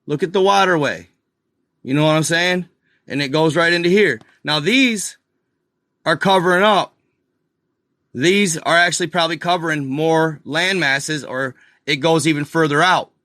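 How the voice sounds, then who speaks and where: A man's voice: a little high, normal speed, pushed and bright, dry recording, clean studio sound. A man hosting a casual screen-share video, talking straight to his viewers with restarts and frustrated asides. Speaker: video host.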